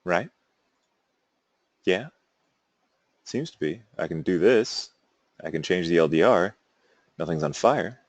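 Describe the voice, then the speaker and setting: Male teacher, low voice, dry close recording, relaxed and chatty with digressions. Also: slow, pauses often, no room sound. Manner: casual, rambling, self-amused asides. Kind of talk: classroom lecture.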